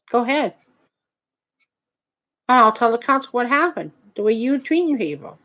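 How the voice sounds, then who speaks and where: Her voice is a little high, pushed and bright, with lively intonation, a moderate pace and frequent pauses. She's ranting through a long, indignant story, rambling and restarting, swearing heavily in nonstandard grammar and adding "you know what I mean." The recording is dull and lo-fi.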